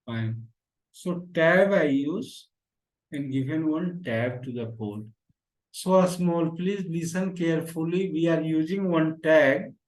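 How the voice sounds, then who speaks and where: A man's voice: a little high, slow pace, echoey room, poor audio. A man teaching a beginner HTML lesson, repeating phrases and calling the class "guy". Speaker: programming teacher. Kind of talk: screen-share coding lesson.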